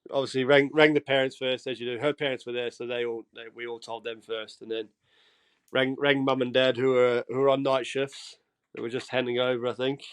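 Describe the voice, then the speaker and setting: A young man from England with a Geordie accent, a podcast guest telling stories in casual chat, animated and swearing freely as he acts out quotes. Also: mid-range voice, brisk, clear, resonant tone.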